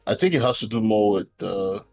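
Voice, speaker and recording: A man's voice: lowish voice, a little fast, creaky, music in the background. A young man with a Nigerian accent, learning to code from a friend live, casual and easily flustered. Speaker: coding student. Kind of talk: live-streamed coding lesson.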